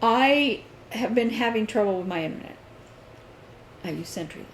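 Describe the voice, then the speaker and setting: A woman co-hosting a casual chat, answering in slow, measured remarks. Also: a little high, animated. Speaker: podcast co-host. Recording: echoey room with faint noise.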